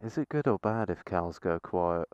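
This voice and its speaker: A man's voice: low voice, expressive, moderate pace, darkish tone, smooth, dry recording. A man, a motorcycle vlogger giving playful, sweary commentary and cooing baby-talk at cows. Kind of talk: casual helmet-cam commentary. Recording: dull lo-fi helmet-cam audio.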